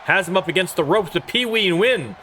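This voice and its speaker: A man calling wrestling play-by-play and hosting the show, rattling off moves and rising to shouts on big hits. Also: sits high, animated, fairly quick, a little hiss or hum. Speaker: play-by-play commentator and show host.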